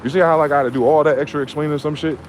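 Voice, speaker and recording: A man's voice: fairly high pitch, fairly even intonation, a little hiss or hum. Heated, profane man ranting in a car. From New Jersey. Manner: profane, heated, fast-talking. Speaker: vlogger. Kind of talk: ranting monologue.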